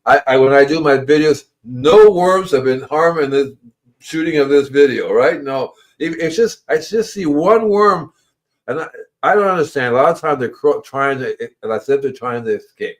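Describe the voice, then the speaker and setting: At a moderate pace and with plenty of expression, a male host talks through his gardening livestream. He rambles easily, says things twice, and slips into squeaky voices whenever he plays an animal.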